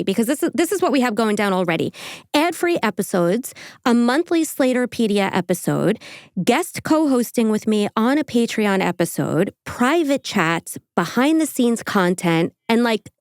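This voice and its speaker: A woman's voice: a little high, no room sound, clean studio sound. A woman hosting a podcast in casual chat, chatty and giggly, swearing freely. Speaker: podcast host.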